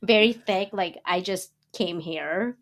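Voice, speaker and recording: A woman from the Philippines co-hosting a podcast in easy conversation. Her talk jumps up and down with excitement, and she laughs often and fires off questions. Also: medium pitch. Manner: animated, quick to laugh, asks questions. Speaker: podcast co-host. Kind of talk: casual chat.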